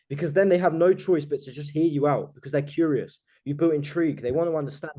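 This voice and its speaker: A man's voice: on the high side, quick pace, few pauses, warm tone. A man coaching a group on a video call, talking emphatically and with total self-assurance, swearing casually.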